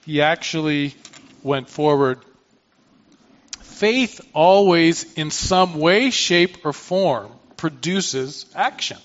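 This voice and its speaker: Man, preacher, sermon, fairly high voice, reads scripture then explains, muffled lo-fi recording. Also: slow pace. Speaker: pastor.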